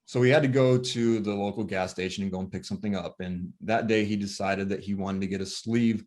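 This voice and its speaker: A man recounting a painful family story as a father, talking softly and haltingly with many pauses and fillers, sounding worn and tired. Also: fairly low pitch, steady tone. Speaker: grieving father telling his story. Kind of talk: emotional personal storytelling.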